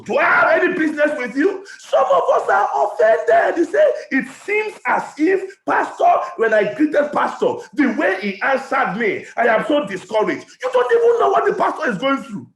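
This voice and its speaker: A male pastor with a Nigerian accent, preaching a passionate sermon that often rises to a shout. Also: very high voice, huge pitch swings, normal speed, hardly any pauses. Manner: impassioned preaching, often shouting, with stammered repetitions. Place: church hall. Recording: echoey church hall.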